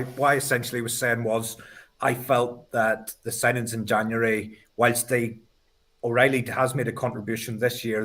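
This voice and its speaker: A man's voice: medium pitch, a bit bright. Hesitant mid-voiced man musing on football. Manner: thoughtful, hesitant, many restarts. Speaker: podcast guest. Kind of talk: casual football podcast chat.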